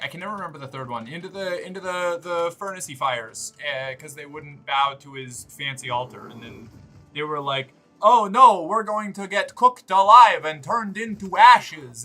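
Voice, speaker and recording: A man streaming a game live, rambling and swearing as he plays and chats. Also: medium pitch. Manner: animated, rambling and profane. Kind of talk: live gameplay streaming chat.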